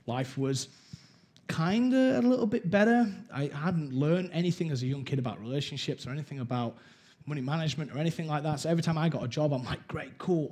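A man's voice: fairly high pitch, a little mellow. A young man from England giving a frank personal testimony in a conversational way, repeating phrases as he tells his story. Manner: candid and conversational, repeats himself when telling a story. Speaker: speaker sharing his life story.

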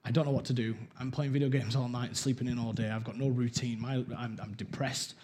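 A young man candidly sharing his personal testimony in a conversational way, with halting restarts. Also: mid-range voice, steady tone, darkish tone.

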